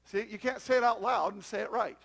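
A man's voice: high voice, fairly quick, creaky, slightly rough. A man preaching a sermon to a congregation, often asking them rhetorical questions. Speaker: pastor.

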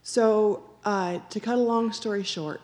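A woman's voice: medium pitch, fairly even intonation, a little slow, a little mellow. A woman sharing a personal testimony in an earnest storytelling manner, acting out the dialogue she recounts and repeating phrases for emphasis. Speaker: church member sharing a testimony.

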